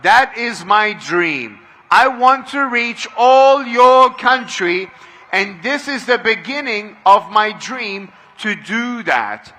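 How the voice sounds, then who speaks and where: High-voiced man rallying a crowd. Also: animated, takes it slowly. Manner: leads the crowd in call-and-response, often shouting. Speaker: motivational speaker. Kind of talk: motivational speech to a large crowd. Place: outdoor event grounds.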